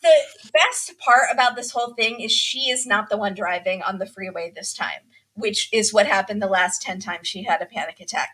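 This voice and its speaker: A woman hosting a podcast, chatting casually and telling a story with lively acted-out quotes. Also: medium pitch, normal speed, hardly any pauses, husky. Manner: animated storytelling, acts out quotes. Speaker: podcast host. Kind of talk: casual chat, recapping a reality show.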